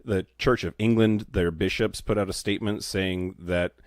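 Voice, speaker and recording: Low-voiced guy cohosting a podcast, deadpan jokes, swears a lot, dry sound. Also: moderate pace, no echo. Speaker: podcast co-host. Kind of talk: casual chat.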